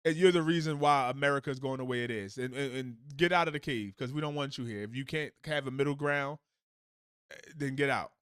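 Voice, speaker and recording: A man's voice: mid-range voice, a little fast, clear, resonant tone, no echo, studio quality. A man hosting a live stream, reacting to the news in a heated, profane, rambling way. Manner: profane, animated, rambling with restarts. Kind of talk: casual heated reaction commentary.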